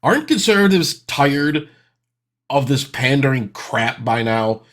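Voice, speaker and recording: A man's voice: medium pitch, big pitch swings, measured pace, fairly bright tone. A man in his thirties hosting a reaction video, with sarcastic, exasperated ranting commentary.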